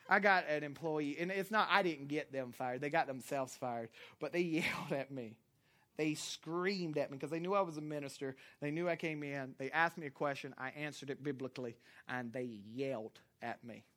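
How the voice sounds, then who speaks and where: A man's voice: on the high side, normal speed. Impassioned Southern preacher man. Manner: impassioned, swings from loud preaching to quiet storytelling. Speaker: minister. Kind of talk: sermon.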